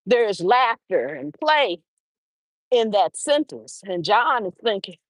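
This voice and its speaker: Animated woman giving motivational talk. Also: on the high side, measured pace, no room sound, low-quality recording. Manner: animated, acts out little dialogues. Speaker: livestream host. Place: outdoors on a walk.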